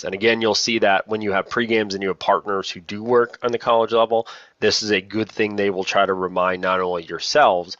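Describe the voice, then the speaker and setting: Guy running a refs training on a video call, low voice, dull muffled audio, rambles and repeats stuff. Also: a bit bright, no echo. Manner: chatty, self-deprecating, repeats key points. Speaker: lacrosse officials trainer. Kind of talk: casual online training talk.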